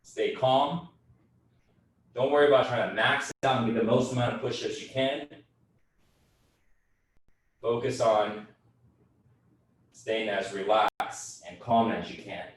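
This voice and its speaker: A man leading a group workout class, calmly explaining breathing and movement as he coaches. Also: mid-range voice, slow, pauses often, very echoey, distant mic, rough recording. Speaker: fitness and breathwork instructor. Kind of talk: guided group workout instruction.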